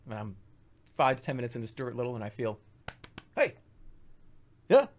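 A man in his thirties streaming, rambling through comic stories in an animated, swearing storytelling way. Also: mid-range voice, quick pace.

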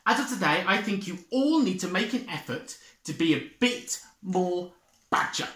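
A woman voicing a boastful, bossy male badger in a picture-book reading, loud and self-satisfied. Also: medium pitch, expressive, normal speed, echoey room, voice pushed up, close to an everyday voice. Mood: smug. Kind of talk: picture-book read-aloud.

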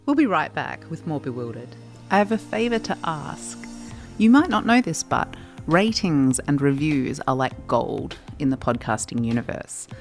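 A woman's voice: sits low, big pitch swings, normal speed, soft background music. A woman reading a playful, breezy promo for her podcast.

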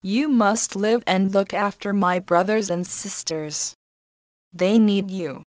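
A woman voicing a brave, kind young woman who speaks gently but firmly, in a storybook reading. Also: medium pitch, slow, no echo, natural voice. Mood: determined.

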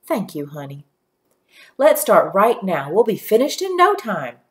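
A woman voicing an eager, impatient young girl who asks pleading, excited questions. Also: mid-range voice, measured pace.

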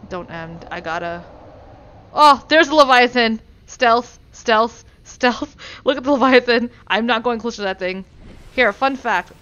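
A woman live-streaming a game, chatting playfully with her chat and breaking into loud, excited outbursts. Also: medium pitch, slight background noise.

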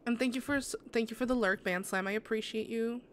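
A woman's voice: fairly high pitch, fast talker, a little hiss or hum. A woman game streamer in casual live-stream chat, answering her viewers with sympathy and rambling through many restarts.

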